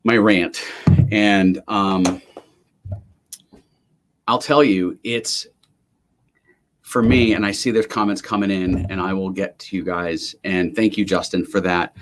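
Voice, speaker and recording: A man hosting a motivational live stream, talking emphatically in an energetic, ranting way. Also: deep voice, slow pace, long pauses. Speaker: livestream host. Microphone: webcam or computer mic on a live stream.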